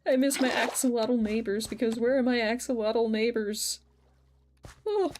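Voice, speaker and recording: A woman's voice: moderate pace, darkish tone, slight background noise. A woman chatting casually while livestreaming a video game, swearing freely and reading chat messages aloud. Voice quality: medium-pitched voice she wishes were deeper. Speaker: streamer.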